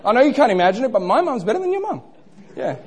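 A man's voice: very high voice, big pitch swings, quick pace. A young man preaching a sermon, playful and interactive, asking the congregation questions.

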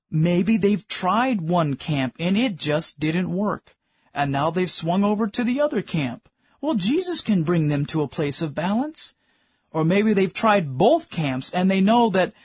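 A man's voice: high-pitched, breathy edge, no echo. A middle-aged man preaching a sermon, earnestly asking his congregation questions and calling them friends. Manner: addresses listeners as friends.

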